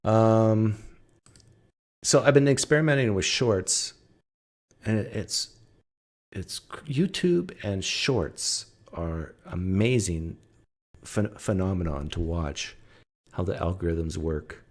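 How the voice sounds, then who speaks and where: A man's voice: on the low side, expressive, slow, pauses often. A man hosting a podcast, talking casually and making sarcastic, wisecracking remarks. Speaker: podcast host. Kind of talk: casual mocking commentary.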